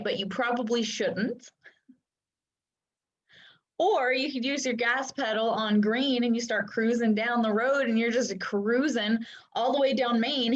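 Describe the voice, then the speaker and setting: A young adult woman coaching in casual talk, full of "like" and "right?", acting out inner voices with whispers and gasps. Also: a little high. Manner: chatty, lots of "like" and "right?" fillers. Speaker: human design coach. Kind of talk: casual teaching monologue. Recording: dull lo-fi sound.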